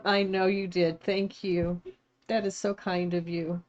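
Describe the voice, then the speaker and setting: Slow-talking streamer woman. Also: lowish voice, flat delivery, muffled recording, a little hiss or hum. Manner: chatty, thanks viewers warmly, gets emotional and teary. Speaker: live streamer. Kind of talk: casual live-stream chat while crafting. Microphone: streaming setup, not phone.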